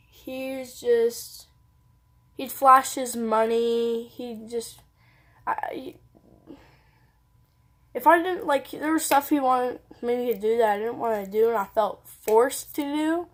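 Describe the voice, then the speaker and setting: Teen girl vlogging, slightly high voice. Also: takes it slowly, long pauses. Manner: casual, rambling, says "like" constantly. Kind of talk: candid personal storytelling.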